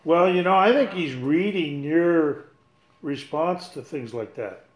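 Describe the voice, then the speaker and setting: High-voiced man host, echoey room. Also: expressive, measured pace. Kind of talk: casual chat. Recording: echoey room, faint noise.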